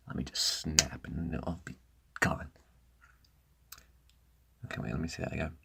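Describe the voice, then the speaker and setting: A woman's voice: extremely low pitch, big pitch swings, moderate pace, vocal fry, long pauses, slightly rough, no echo. A woman reading a scripted voice-over narration, often stopping to correct herself and restart lines.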